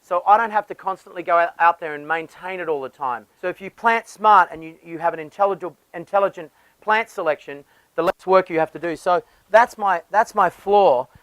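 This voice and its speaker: A man's voice: high voice, fairly quick, fairly bright tone, dry recording, rough recording. A man, a landscape designer, explaining garden design with enthusiasm and often restarting his phrases.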